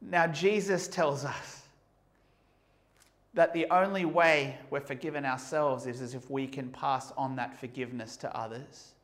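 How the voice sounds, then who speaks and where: A man preaching a sermon, moving between quiet reflective questions and loud, emphatic passages. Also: medium pitch, steady tone, measured pace.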